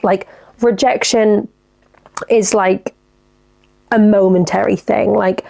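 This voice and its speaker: Young woman, podcast host, candid and sweary, a bit of vocal fry. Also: medium pitch, slow, pauses often. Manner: chatty, frank, sweary, animated. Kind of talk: casual solo podcast chat, reading listener dilemmas.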